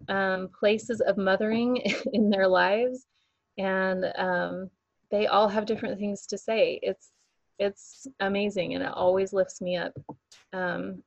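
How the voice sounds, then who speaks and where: A woman's voice: medium pitch, no room sound, dull audio. A woman co-hosting a casual chat, speaking reflectively and laughing often.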